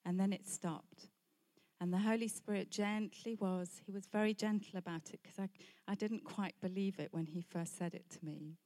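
A woman's voice: medium pitch, fairly even intonation, normal speed, mellow. A middle-aged woman preacher sharing a candid personal testimony in a sermon, telling her story with light laughs between points.

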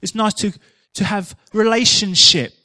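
A man's voice: high-pitched, fairly even intonation, unhurried, bright, forceful tone, no room sound, studio quality. A man preaching a sermon in a chatty, humorous storytelling manner.

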